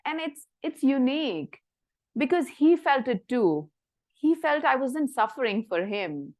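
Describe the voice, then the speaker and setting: A woman physician giving an earnest, reflective talk about her practice, speaking in measured phrases that soften almost to a whisper at tender moments. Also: high-pitched, big pitch swings.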